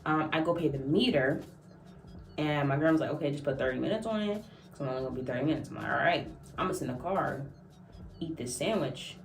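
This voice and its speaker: A woman's voice: deep voice, expressive, fast talker, creaky, soft background music. A young woman vlogger telling a casual story, acting out quotes and laughing often. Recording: echoey room, mic at a distance.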